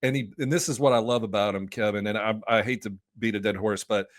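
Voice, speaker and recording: A man's voice: on the low side, steady tone, fast talker, no room sound, studio quality. Chatty man guesting on a podcast. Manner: loose and enthusiastic, many fillers and restarts. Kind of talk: casual podcast chat.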